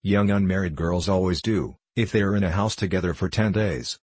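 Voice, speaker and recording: Man reading an old novel aloud, low voice, kinda husky, dry close sound. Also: steady tone, brisk, a little mellow, dry recording. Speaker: narrator. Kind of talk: audiobook reading of a classic novel.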